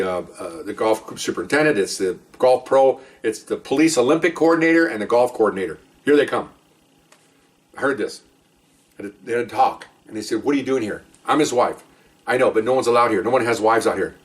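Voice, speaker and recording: A man who was a police officer, telling stories from his work in a loose, animated way and acting out what others said. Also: mid-range voice, distant mic. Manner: animated retelling, acts out quoted voices. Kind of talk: casual storytelling.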